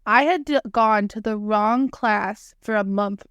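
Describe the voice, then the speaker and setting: A woman's voice: mid-range voice, a little slow, a bit bright, clean tone, no echo, lo-fi sound. A woman co-hosting a podcast in casual chat, rambling through a story with lots of "like". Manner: rambling, heavy use of "like". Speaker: podcast co-host.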